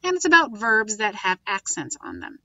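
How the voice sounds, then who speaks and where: A woman's voice: mid-range voice, huge pitch swings, moderate pace, pushed and bright, dry recording, dull audio. A woman teacher talking through how she plans a lesson, thinking aloud with frequent ums and restarts. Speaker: Spanish teacher. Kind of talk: recorded classroom lesson walkthrough.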